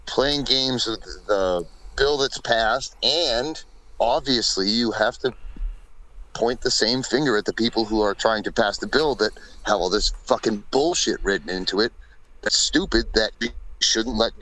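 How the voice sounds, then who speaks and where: A man's voice: medium pitch, unhurried, a bit bright, low-quality recording. A man co-hosting a podcast in casual chat, blunt, opinionated and profane. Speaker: podcast co-host.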